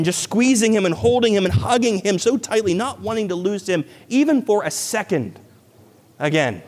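A man's voice: sits high, lively intonation, normal speed, darkish tone. Earnest male pastor in a reverberant hall. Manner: earnest, rising to emphatic peaks. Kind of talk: sermon.

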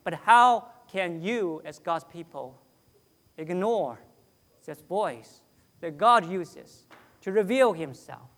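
A pastor preaching a sermon, earnest and deliberate, with long pauses and sudden drops to a soft voice. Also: male voice, high-pitched, animated.

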